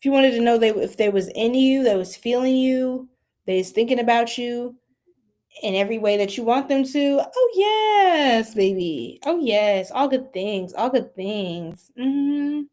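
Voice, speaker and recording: A young woman doing a casual tarot reading, chatty and animated, often laughing and breaking into loud exclamations. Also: on the high side, normal speed. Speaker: tarot reader.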